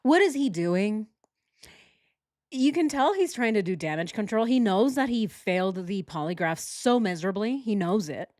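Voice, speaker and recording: Reacting to true crime footage, a woman speaks at a moderate pace in a medium-pitched, slightly mellow voice with lively intonation. She's indignant and chatty, frequently asking her viewers questions, in a clean studio recording with no room sound.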